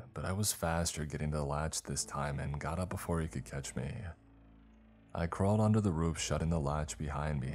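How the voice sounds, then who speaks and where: A man's voice: very deep voice, darkish tone. A man narrating a first-person horror story in a dramatic, scripted storytelling manner.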